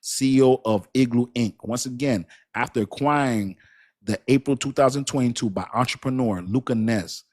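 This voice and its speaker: A man's voice: mid-range voice, moderate pace, a little mellow. A man hosting a casual crypto livestream, talking straight to his chat in a hyped, repetitive way. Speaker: crypto channel host.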